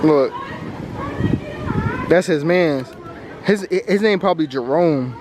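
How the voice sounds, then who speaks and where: A man's voice: fairly high pitch, takes it slowly, crowd noise. A man vlogging on a trip, talking in loose, hyped slang-heavy banter. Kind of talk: casual vlog chat. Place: outdoors on a trip, street and ferry. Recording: loud outdoor noise.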